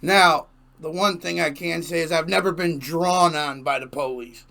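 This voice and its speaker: A man's voice: fairly high pitch, fairly even intonation, normal speed, creaky, pushed and bright. A man hosting a music reaction video, talking in casual, emphatic commentary and repeating himself for effect.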